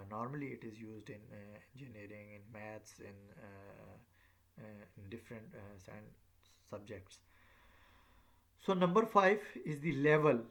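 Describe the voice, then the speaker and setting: Male lecturer, halting delivery. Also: medium pitch. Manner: mixes Hindi and English, many pauses and fillers. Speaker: teacher. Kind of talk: recorded lecture.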